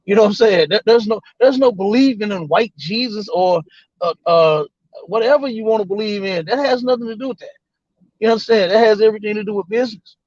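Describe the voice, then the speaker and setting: A high-voiced man spins a casual story, slipping into other people's voices and cursing as he goes. The sound is dry and close, with a slightly muffled, lo-fi edge. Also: brisk, no echo. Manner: animated, quotes others in voices, swears freely. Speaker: guest.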